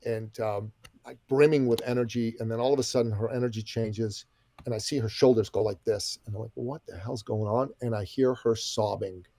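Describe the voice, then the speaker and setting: A man's voice: lowish voice, steady tone, a little fast, gravelly, warm tone, dry recording. A middle-aged man guesting on a podcast, telling a story with energy, emphasis and folksy asides. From Iranian background. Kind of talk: animated storytelling.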